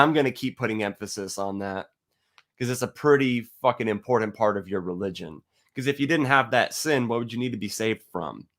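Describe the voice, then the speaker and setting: A man giving a heated, profane monologue to his viewers, blunt and argumentative, sometimes reading a passage aloud slowly. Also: medium pitch, a bit bright. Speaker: atheist video host. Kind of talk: ranting monologue to camera.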